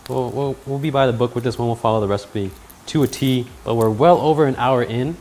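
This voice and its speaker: A man's voice: mid-range voice, brisk. Joking man narrating his cooking. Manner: joking, self-mocking, with loud startled outbursts. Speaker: cooking video host. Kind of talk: casual cooking vlog narration.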